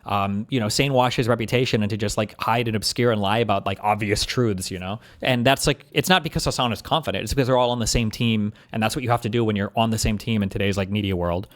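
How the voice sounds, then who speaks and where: Fast-talking man, emphatic and profane. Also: on the low side. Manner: rapid, emphatic, profane, with frequent fillers. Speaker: streamer and panel guest. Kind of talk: heated panel discussion.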